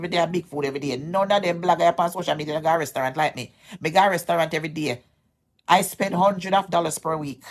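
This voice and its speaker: A Jamaican woman vlogging in a heated callout, her voice sitting somewhat low. She presses her complaint insistently and circles back over the same points again and again, aggrieved. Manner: aggrieved, insistent, repeats herself. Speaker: social media vlogger. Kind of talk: heated direct-to-camera callout.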